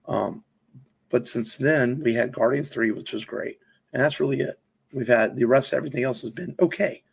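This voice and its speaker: A man with a gravelly, husky voice talks casually on a podcast. He rambles and circles back with plenty of ums and restarts, at an ordinary pitch. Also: normal speed. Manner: rambling, many fillers and restarts. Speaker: podcast co-host. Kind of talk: casual film chat.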